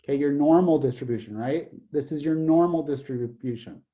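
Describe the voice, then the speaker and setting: A college math professor gives a statistics lecture in a fairly high, brisk, mellow voice, captured with lo-fi sound. He jokes, wanders off on tangents, and keeps saying "okay" while explaining.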